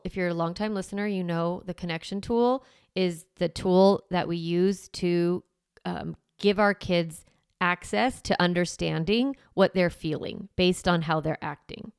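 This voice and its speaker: Female podcast host, instructional and direct, light vocal fry, dry close sound. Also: on the low side, fairly even intonation, unhurried, no echo. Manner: direct coaching, frequent "okay?" and "right?" check-ins; walks through step-by-step scripts.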